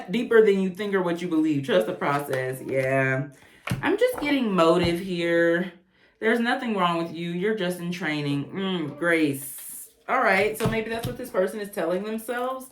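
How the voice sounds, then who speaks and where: A woman with a fairly low voice gives a casual tarot reading, chatty and blunt, with profane asides. Her voice rings in an echoey room. A faint hiss sits underneath. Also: expressive, measured pace. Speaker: tarot reader.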